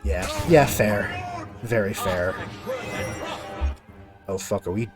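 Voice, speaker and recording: A man with a low voice gives casual play-by-play of his game. He chats with his viewers between fights and curses freely when things go wrong. Faint music plays under his voice. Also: slow pace. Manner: talks to viewers while playing. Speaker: streamer playing a video game. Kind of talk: casual gameplay commentary.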